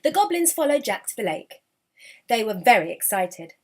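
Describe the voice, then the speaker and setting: A woman reading a children's picture book aloud as storyteller. Her voice is fairly high and swoops widely, dropping to soft near-whispers and rising to bursts. The delivery is expressive and animated throughout. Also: moderate pace.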